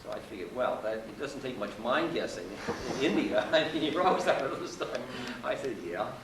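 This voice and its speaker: A man's voice: medium pitch, animated, brisk. A man, telling a wry, self-mocking story to an audience at a university hall. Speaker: spiritual teacher. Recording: roomy live hall recording from far off, noisy.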